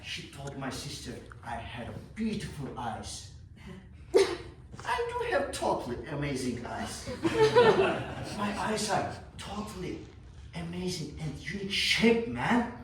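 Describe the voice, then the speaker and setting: A high-voiced, cocky young guy, as an actor plays him, rattled and swearing through a restless stage monologue. The sound is very echoey, and the mic sits some way off. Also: wildly swooping pitch, measured pace, very noisy. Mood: agitated rant. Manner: profane, rambling, restless. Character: cocky, rattled young man ranting about family. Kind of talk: theatrical monologue. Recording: echoey room, mic far off.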